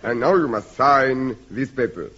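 A stern French-speaking officer snaps out clipped commands in a husky, gravelly voice that leaps up and down. The old radio recording sounds dull and muffled. It plays like 1950s radio comedy. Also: male voice, medium pitch, animated, a little slow, exaggerated voice. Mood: stiff. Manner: clipped commands, shouts orders.

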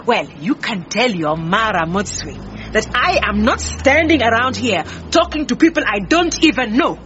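An actress playing a proud, defensive head cook who talks brusquely. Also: female voice, on the high side, lively intonation, unhurried, a bit bright. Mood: indignant. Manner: brusque, indignant. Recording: muffled with faint hiss.

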